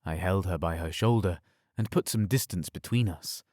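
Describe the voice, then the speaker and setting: Deep-voiced male audiobook narrator. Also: moderate pace, darkish tone, no echo, clean studio sound.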